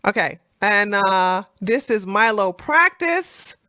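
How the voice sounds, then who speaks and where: Animated bright-voiced woman hosting a livestream. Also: mid-range voice, slow, dry recording, studio quality. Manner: animated, laughing, many fillers and restarts. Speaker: livestream host. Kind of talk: casual political chat livestream.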